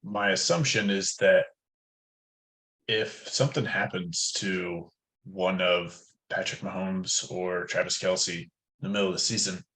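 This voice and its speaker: A man's voice: low-pitched, a little slow, fairly bright tone, poor audio. A man talking through a fantasy football roster in a casual podcast chat, thinking aloud with frequent fillers. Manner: thoughtful, hedging with fillers.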